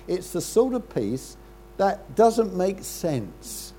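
An older man preaching a sermon in a conversational way, with rhetorical questions and frequent throat-clearing. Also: a little high, big pitch swings, unhurried, warm tone, slight background noise.

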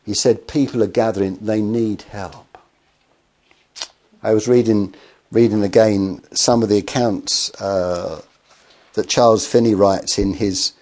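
Man preaching a storytelling sermon. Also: lowish voice. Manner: storytelling, animated acted quotes, rhetorical questions.

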